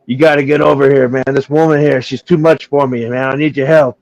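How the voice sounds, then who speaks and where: A man voicing a young buddy in a joke, who pleads with a friend to come help him in a high, excited voice. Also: brisk, no echo, lo-fi sound, lightly acted. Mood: urgent pleading. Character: young man panicking over a prank.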